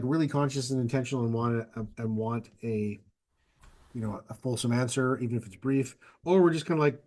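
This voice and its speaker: Thoughtful man podcast co-host. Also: mid-range voice. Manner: thoughtful, talks in long winding sentences with fillers. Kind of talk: casual podcast chat.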